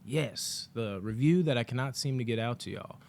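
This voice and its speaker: A man's voice: medium pitch, moderate pace, darkish tone. Rambling, profane guy. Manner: rambling, profane storytelling with lots of fillers. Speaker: movie review vlogger. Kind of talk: casual unscripted movie review.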